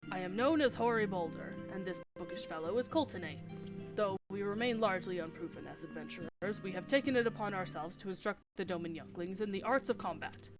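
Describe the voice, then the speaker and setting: A woman voicing a proud, formal adult male adventurer from a fantasy game, speaking in old-fashioned measured phrases. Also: medium pitch, lively intonation, music in the background, voice pushed down, close to an everyday voice.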